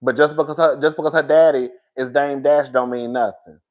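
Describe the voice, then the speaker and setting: A man's voice: medium pitch, steady tone, a little fast, darkish tone, dull audio. A man giving a casual, candid commentary to his viewers, profane and rambling, often restarting and going off on asides. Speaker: reality TV commentator.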